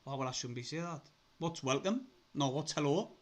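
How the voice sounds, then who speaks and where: Young man, Sunderland accent, casual live-stream host, chatty, laughs often, swears, excitable, slightly high voice. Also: moderate pace. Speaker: livestream host.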